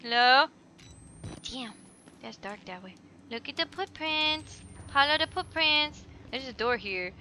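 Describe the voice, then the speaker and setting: Bright-voiced woman muttering through gameplay. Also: high-pitched, lively intonation, measured pace, slight background noise. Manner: jittery, swearing, mutters to herself. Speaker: let's play host. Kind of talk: gameplay commentary. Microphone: headset mic flipped up above head.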